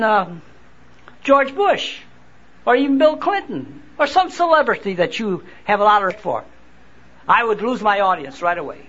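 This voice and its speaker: A man preaching a sermon at a convention, reading scripture and explaining it slowly, often repeating and restarting words. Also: high-pitched, fairly bright tone, dull audio. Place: convention hall.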